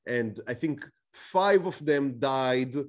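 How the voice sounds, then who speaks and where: Animated man teaching with rhetorical questions. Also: mid-range voice, slow pace. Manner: explains with rhetorical questions, frequent restarts. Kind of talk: lecture to a class.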